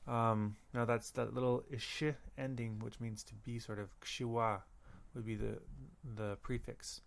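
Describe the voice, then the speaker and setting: Slow, careful male language teacher. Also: mid-range voice, level tone, vocal fry. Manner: slow, careful, repeats words with pauses. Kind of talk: recorded audio lesson.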